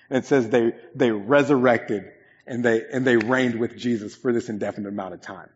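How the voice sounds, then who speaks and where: A man's voice: mid-range voice, fairly even intonation, moderate pace, breathy edge. Earnest young male pastor preaching. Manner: earnest, conversational storytelling with many fillers. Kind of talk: sermon. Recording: echoey hall, dull lo-fi sound.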